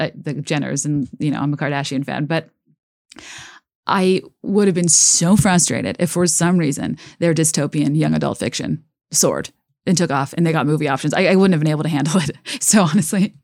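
A woman's voice: low voice, gravelly, darkish tone, dry recording, studio quality. A woman hosting a solo podcast, talking casually in a chatty, self-mocking way with lots of fillers and restarts. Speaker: podcast host.

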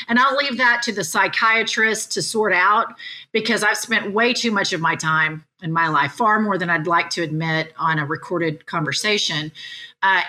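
A woman with an Oklahoma accent tells a story in a wry, animated way. Her voice is bright and forward, and she sits mid-range in pitch. It sounds like a relaxed podcast chat. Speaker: reality show cast member, guest.

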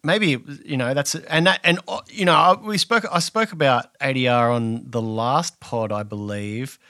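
A man's voice: mid-range voice, moderate pace, pushed and bright, no room sound, clean studio sound. A man chatting on a podcast, rambling with many restarts. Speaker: podcast co-host. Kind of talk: casual podcast chat.

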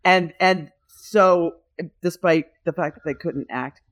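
A woman co-hosting a casual podcast chat, enthusiastic and rambling, quick to agree. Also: lowish voice. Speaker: podcast co-host.

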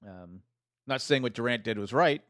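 A man's voice: medium pitch, expressive, normal speed, fairly bright tone, no room sound, clean studio sound. A man hosting a casual chat, recapping a TV western in a rambling way with lots of restarts. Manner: rambling, many restarts, retells scenes. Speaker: podcast host recapping a TV western.

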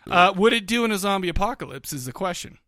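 A man co-hosting a podcast in casual chat, rambling with many restarts and fillers, excitable and quick to laugh. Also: high-pitched, no echo, clean studio sound. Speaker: podcast co-host.

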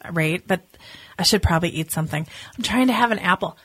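A woman's voice: on the low side, quick pace, background noise. A woman from Minneapolis co-hosting a podcast, chatting in an upbeat, gushing way. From Minneapolis, USA. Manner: upbeat, laughs often, gushing. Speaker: co-host. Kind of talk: casual chat.

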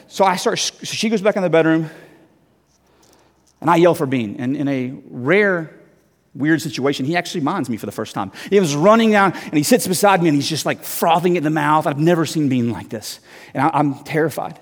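A male guest preacher in his thirties tells a story in a sermon, lively and self-mocking, often tripping over his own restarts. His voice sits a little high for a man. The sound carries a long reverb tail from the church hall. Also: brisk.

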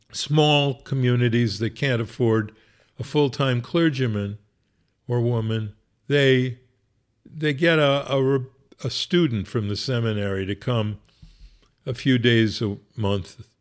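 Brief: male rabbi storyteller, wry and conversational, everyday mid pitch. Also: takes it slowly, long pauses. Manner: wry, conversational, laughs at his own story. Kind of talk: humorous storytelling.

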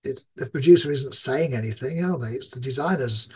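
A man's voice: mid-range voice, a little fast, breathy edge. A man in his sixties with an East Yorkshire accent, talking at length as an interview guest, rambling with many fillers. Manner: rambling, self-described ranting with many fillers. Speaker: guest game designer. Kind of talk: casual interview talk.

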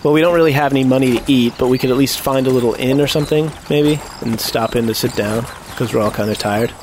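A man's voice: medium pitch, fast talker, darkish tone, slight background noise. Jokey man playing a tabletop game. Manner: jokey, laughs often. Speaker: player. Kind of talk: casual tabletop game chat.

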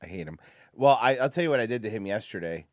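Brash male podcast host, crude casual banter, animated delivery, dry sound. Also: on the low side, fast talker, no room sound. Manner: brash, profane, joking.

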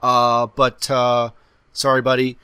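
A man's voice: medium pitch, completely flat delivery, takes it slowly, bright, forceful tone, clear, resonant tone, no echo, clean studio sound. A man cutting in with a cheeky, self-mocking aside. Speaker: game master adding a later voice-over note. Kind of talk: recorded aside.

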